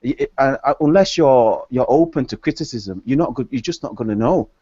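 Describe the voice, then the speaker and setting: A man's voice: medium pitch, lively intonation, fairly quick, warm tone, slightly rough, no echo. A man in a casual group chat, opinionated and hesitant, often repeating his words. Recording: dull lo-fi online call audio.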